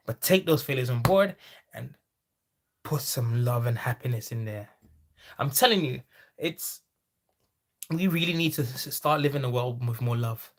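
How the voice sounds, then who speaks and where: A man with a Jamaican accent hosting a livestream, chatting casually, reading out viewer comments, laughing often and slipping into patois. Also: medium pitch. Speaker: livestream host. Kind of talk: casual live-chat reading.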